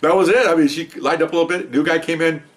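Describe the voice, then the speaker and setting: Male former police boss, rambling storyteller, rapid delivery, recorded at a distance. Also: a little high. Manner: rambling, conversational, quotes others with animated voice. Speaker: retired police commander telling a story. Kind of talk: casual storytelling to camera.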